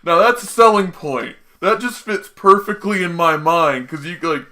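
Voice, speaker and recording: Bright, excitable young male podcast host. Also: high-pitched, moderate pace. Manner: excitable, profane, rambling tangents. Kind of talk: casual podcast chat.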